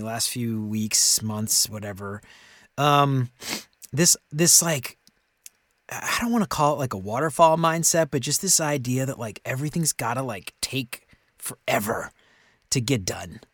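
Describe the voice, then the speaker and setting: Rambling animated male podcast co-host. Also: medium pitch, normal speed, no room sound. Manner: animated, rambling, laughs often. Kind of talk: casual chat.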